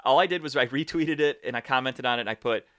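Casting a man for a sports podcast: blunt, swearing, animated ranting, dry close mic. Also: mid-range voice, fast talker, no echo. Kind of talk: casual sports chat.

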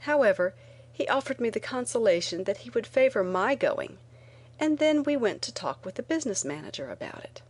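A woman reading a first-person memoir aloud in a measured, earnest way. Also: a little high, slightly rough. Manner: measured, earnest reading with lively quoted lines. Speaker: narrator. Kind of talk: audiobook narration of a memoir.

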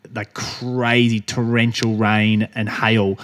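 A man's voice: lowish voice, flat delivery, slow pace, fairly bright tone. A young man from Australia co-hosting a podcast in casual chat, rambling with frequent restarts and laughs. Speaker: podcast co-host.

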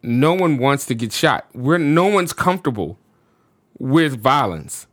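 A man's voice: mid-range voice, measured pace, no room sound, studio quality. A man from the United States, a podcast guest, telling a personal story casually and with animation. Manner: animated, with frequent fillers like "you know what I'm saying".

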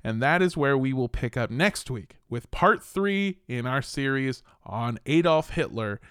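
A man's voice: mid-range voice, lively intonation, unhurried, a bit bright, clean tone, no echo, clean studio sound. A young man hosting a comedic history podcast, telling events casually, joking and swearing, sometimes slipping into mocking voices. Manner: joking, profane, slips into mock voices. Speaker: podcast host.

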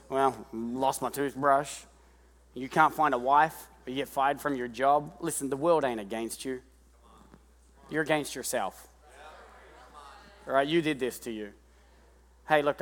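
A pastor in his thirties preaching a lively sermon, breaking into shouted impressions of kids and parents. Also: mid-range voice. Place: church hall. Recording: long reverb of a large church hall.

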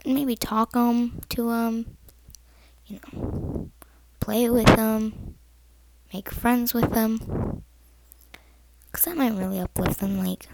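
A woman's voice: on the high side, fairly even intonation, slow pace, vocal fry, long pauses, low-quality recording. A woman giving earnest, rambling advice to the camera, often dropping to a whisper.

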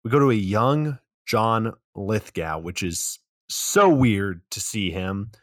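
A man co-hosting a podcast, casually recapping a movie in a rambling, relaxed way with some swearing. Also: fairly low pitch, takes it slowly, no echo, studio quality. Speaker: podcast co-host.

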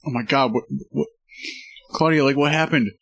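A man's voice: mid-range voice, normal speed, a bit bright, dry recording, studio quality. A man playing a character in a tabletop game, talking casually with stammers and swearing. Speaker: player. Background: background music.

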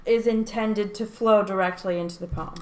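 A woman on a casual podcast, discussing feedback on her own poem in a relaxed, conversational way. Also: medium pitch, moderate pace.

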